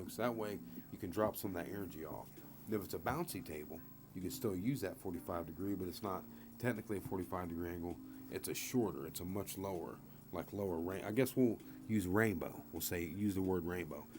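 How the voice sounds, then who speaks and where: A man streaming live about craps dice throws, rambling and excitable, swearing freely as he talks. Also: low-pitched, a little fast, noisy background. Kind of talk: casual live-stream talk. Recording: music playing behind.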